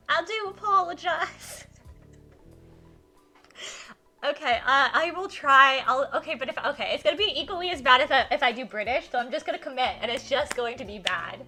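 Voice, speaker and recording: Woman, from the southern US, streamer, self-mocking and giggly, higher voice, soft narration reading, faint music behind. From southern United States. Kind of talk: live-stream chat while reading a visual novel aloud. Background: faint game music.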